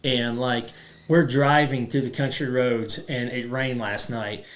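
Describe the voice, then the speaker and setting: A man's voice: mid-range voice, steady tone, unhurried. A man in his thirties hosting a podcast, talking casually and rambling with lots of "like" fillers. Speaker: podcast host. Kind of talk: casual chat.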